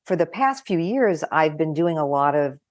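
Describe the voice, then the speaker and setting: An older woman psychologist chatting over a video call, telling animated stories, acting out quoted voices and laughing often. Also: low voice, moderate pace, no room sound, clean studio sound. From California. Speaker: guest psychologist. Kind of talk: casual conversation.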